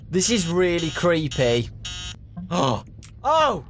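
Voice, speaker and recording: A young gaming YouTuber mutters nervously to his viewers while commentating on a horror game, his pitch swinging widely. He takes his time talking, and a faint hiss runs beneath the recording.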